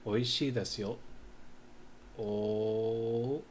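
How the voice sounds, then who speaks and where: Man, low voice, slow deliberate talk, sounding out words while writing, faint background noise. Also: fairly even intonation. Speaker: language learner. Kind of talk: casual study session, reading and writing aloud.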